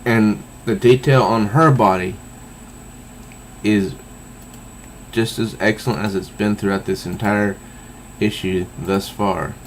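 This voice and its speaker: A man's voice: lowish voice, steady tone, slow, pauses often, slight background noise. A man casually reviewing a comic book, reading panels aloud with easygoing, enthusiastic asides.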